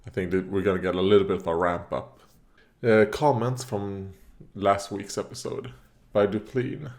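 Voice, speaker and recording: A man's voice: low-pitched, steady tone, moderate pace. A man hosting a reaction video, chatting casually as he watches, rambling with fillers, coughing now and then and talking back at the screen. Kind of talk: casual commentary while watching.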